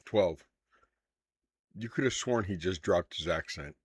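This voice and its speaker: A man serving as dungeon master, narrating a tabletop game in an unhurried, measured way. His voice is low and slow, recorded dry and close. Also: slightly rough, dry recording.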